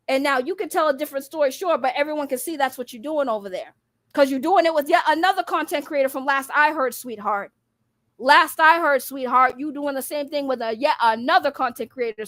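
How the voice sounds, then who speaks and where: High-voiced woman ranting bluntly. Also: a bit bright, dry recording, clean studio sound. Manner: blunt, profane, mocking, laughs between jabs. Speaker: streamer calling out critics. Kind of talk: casual rant.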